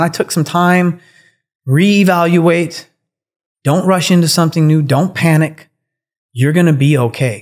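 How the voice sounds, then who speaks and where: A man speaking as a podcast guest, telling his story in a candid, reflective way with casual swearing. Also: mid-range voice. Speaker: guest, cannabis breeder.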